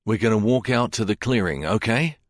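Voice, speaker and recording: A man's voice: on the low side, expressive, brisk, no echo, studio quality, close to an everyday voice. A man voicing August, an urgent, protective detective, in an audiobook.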